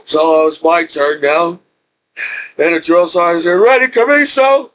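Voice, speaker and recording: High-voiced man rambling through a story. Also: flat delivery, a little slow, a bit bright. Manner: rambling, repeats and restarts, laughs often. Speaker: veteran telling his story. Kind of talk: casual storytelling.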